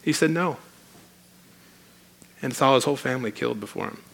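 A man's voice: mid-range voice, a little fast, creaky. A man preaching a sermon in a conversational, emphatic way, reading scripture aloud.

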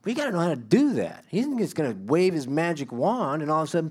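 Lively conversational male preacher. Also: fairly high pitch, fairly quick, breathy edge. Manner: conversational, self-deprecating, builds to emphatic bursts. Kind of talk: sermon.

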